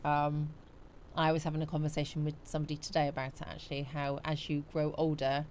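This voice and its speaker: A woman's voice: low-pitched, completely flat delivery, quick pace, a little mellow, a little hiss or hum. A woman from the West Country, hosting a live chat stream from a small home studio, sleepy and yawning as she greets viewers by name and answers their comments. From West Country, England. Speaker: livestream host.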